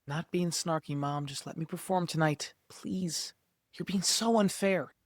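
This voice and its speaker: A woman's voice: lowish voice, unhurried, no room sound, studio quality. A performer reading a sulky, pleading teenage boy in a screenplay table read. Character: whiny teenage boy who loves his guitar.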